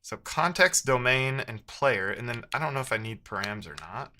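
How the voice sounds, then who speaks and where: A man's voice: mid-range voice, animated, moderate pace, sharp tone, slight background noise. A man streaming live as a programmer, thinking aloud while he codes and chatting with viewers, muttering to himself with playful asides.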